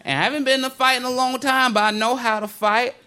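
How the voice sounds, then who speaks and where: A man doing a stand-up comedy set, telling his story in a laid-back way with sudden high-pitched outbursts. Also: fairly even intonation, fast, pushed and bright, clear, resonant tone. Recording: live comedy club with crowd laughter and noise.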